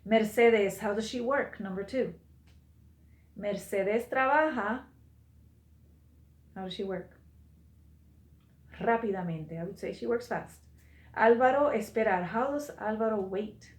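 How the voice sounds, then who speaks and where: A Spanish teacher leads a recorded language class, patiently repeating and translating each phrase for her students. Her medium-pitched voice is unhurried with frequent pauses, and the room sounds echoey.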